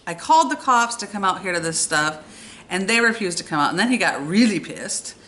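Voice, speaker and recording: A young woman telling a true story from her own life in a casual, animated and exasperated way. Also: medium pitch, quick pace, a little hiss or hum. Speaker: storytime vlogger.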